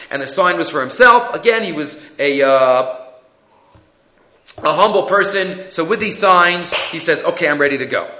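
A man teaching a lesson, telling a Bible story in an animated way and acting out the lines of its people. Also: on the high side. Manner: animated storyteller, acts out quotes, with fillers. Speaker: religious teacher. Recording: echoey room, dull lo-fi sound.

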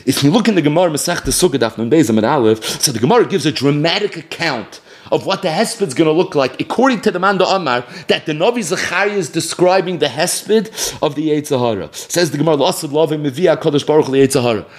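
Talmud teacher, man, higher voice, reads out a line then explains it fast and emphatic. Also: expressive. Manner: quotes text then explains it quickly, emphatic. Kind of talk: Talmud class lecture.

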